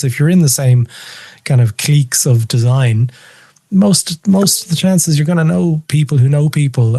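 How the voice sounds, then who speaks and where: An Irish man talking as a podcast guest in a relaxed conversational way, telling animated anecdotes and acting out the voices of the people in them. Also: mid-range voice, dry recording, studio quality. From Ireland. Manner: animated storyteller, acts out quoted voices. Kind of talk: casual chat.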